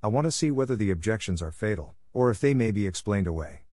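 A man reading an audiobook voices a calm, sharp-witted detective who speaks in a measured, wry way. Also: lowish voice, no room sound, clean studio sound.

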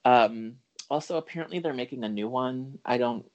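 A man's voice: mid-range voice, normal speed, highs cut off. A man co-hosting a podcast, chatting casually about a film, rambling with many fillers, restarts and the odd swear word. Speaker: podcast co-host. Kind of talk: casual film review chat.

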